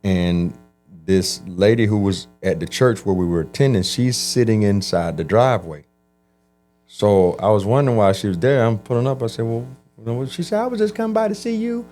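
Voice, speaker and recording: A man telling his life story in an interview, animated and acting out the voices of people he quotes. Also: lowish voice, normal speed, faint music behind. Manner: animated, acts out quoted voices, frequent restarts. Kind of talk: conversational storytelling.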